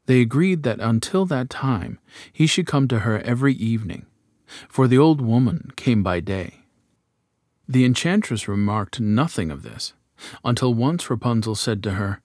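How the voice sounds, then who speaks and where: A man narrating a fairy tale in a slow, measured, even storytelling voice. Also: on the low side, no room sound, studio quality.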